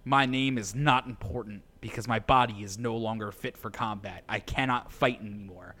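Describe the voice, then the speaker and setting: Brief: man reading as a grave older fighter, weary and deliberate, bright-toned delivery. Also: lowish voice. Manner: solemn, slow and deliberate. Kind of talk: reading game dialogue aloud.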